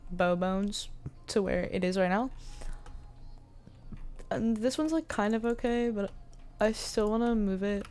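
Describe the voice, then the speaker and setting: A woman's voice: medium pitch, steady tone, unhurried, darkish tone, clear, resonant tone, soft background music. A woman giving a casual screen-recorded tutorial, chatty and thinking aloud with many fillers, with the hiccups. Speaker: 3D modeling tutor.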